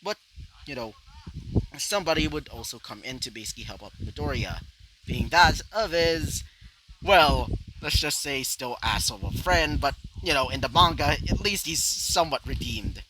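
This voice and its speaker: A man's voice: a little high, animated, moderate pace. A man casually narrating a fan story, rambling with many fillers and asides. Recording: noisy home recording.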